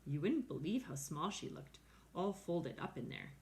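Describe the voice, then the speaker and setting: A woman's voice: fairly low pitch, sing-song, normal speed, gravelly, a little mellow. A woman voicing a friendly, chatty female otter in a cheerful manner, with faint background noise.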